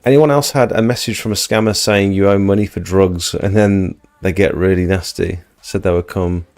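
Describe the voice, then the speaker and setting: A man's voice: sits low, fairly even intonation, normal speed, a little mellow, no room sound. A man hosting a casual livestream, chatting and reading out viewer comments. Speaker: livestream host.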